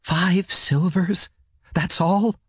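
A man voicing a sharp, bitter poor mother. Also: high voice, steady tone, drawn-out words, husky, dry recording, studio quality, pitched above the performer's own voice, heavily acted. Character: worn, bitter poor mother, middle-aged woman. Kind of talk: audiobook character voice.

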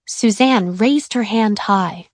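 A woman narrating a children's chapter book in a clear, even storytelling voice. Her pitch sits in the middle, and the recording is close and dry. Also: slow pace, no room sound.

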